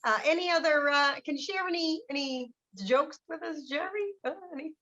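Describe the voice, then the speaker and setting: An upbeat woman hosting a local interview show. Her voice sits high, and the recording is dull and lo-fi. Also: normal speed, a crowd in the background. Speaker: host. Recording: dull lo-fi sound.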